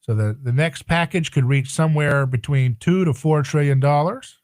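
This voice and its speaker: A man's voice: a little high, moderate pace, darkish tone, no echo. A man hosting a talk radio show, delivering an opinionated monologue with sarcastic, rhetorical asides.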